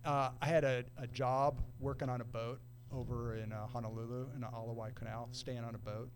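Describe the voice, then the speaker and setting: A middle-aged man telling a long story in a relaxed, casual way, using surfer slang and acting out other people's quoted lines. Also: medium pitch, brisk. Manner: laid-back surfer talk, acts out quoted voices. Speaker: podcast guest.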